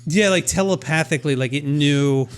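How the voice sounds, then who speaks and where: A podcast co-host with a smooth voice on the high side talks at normal speed. In casual chat he tells a self-deprecating story, acting out his own thoughts along the way.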